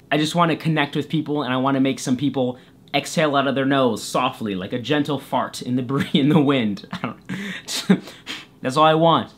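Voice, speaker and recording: Goofy young man telling a story. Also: fairly high pitch. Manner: goofy, self-deprecating, jumps into voices. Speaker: YouTuber storyteller. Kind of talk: comedic story time vlog.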